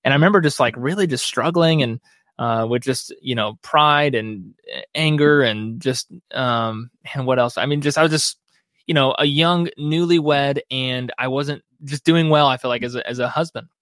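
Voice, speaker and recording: Earnest and reflective, a man guests on a podcast interview about biblical counseling and speaks in a warm, conversational tone. His voice sits in a middle range at a normal speed, recorded dry and close with no room sound.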